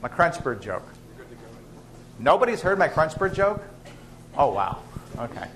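A man's voice: on the high side, big pitch swings, unhurried, a bit bright, slight background noise. A man lecturing to students in a lecture hall, chatty and joking as he teaches. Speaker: biochemistry professor. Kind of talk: university lecture.

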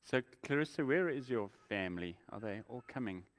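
A man's voice: mid-range voice, lively intonation, fairly quick. A man, a pastor giving casual, welcoming church announcements and restarting his sentences often. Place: church sanctuary. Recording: long reverb in a large hall.

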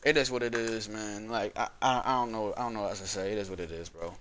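A man giving casual live commentary over his own gameplay, excitable and easily frustrated, repeating phrases and using slang. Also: fairly low pitch, quick pace, clear, resonant tone. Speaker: gaming YouTuber.

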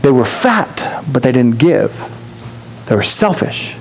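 A man's voice: mid-range voice, very animated, slow pace, creaky, a little hiss or hum, rough recording. A man preaching a sermon as pastor, in a conversational storytelling way, acting out the voices of people he quotes. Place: church.

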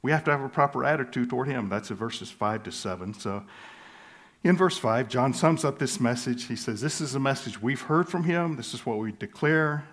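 A man preaching a sermon as pastor, earnest and measured, slowing down for emphasis and chuckling lightly now and then. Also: mid-range voice. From southern United States.

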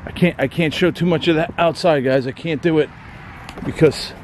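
A man's voice: on the high side, normal speed. Male paranormal vlogger filming solo on a camera mic, edgy and breathless, with a faint hiss behind. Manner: nervous, breathless, swearing, calling out to spirits. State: sweating and dizzy. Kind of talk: alone ghost-hunting vlog. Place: inside an empty house at night.

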